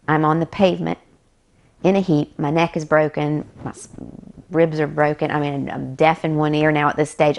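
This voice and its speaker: American woman, middle-aged interview guest: animated storyteller, gravelly texture. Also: low voice. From United States.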